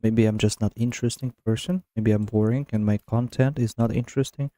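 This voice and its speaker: A young man with a Russian accent, a streamer talking casually to a voice assistant in English while gaming, halting and searching for words. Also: fairly low pitch, steady tone, warm tone, no room sound, studio quality.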